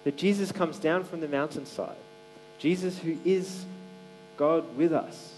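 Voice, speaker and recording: A man's voice: a little high, a little slow, a little mellow, rough recording. Man preaching casually, faint mains hum. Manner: conversational, many "like" fillers and restarts. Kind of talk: casual sermon.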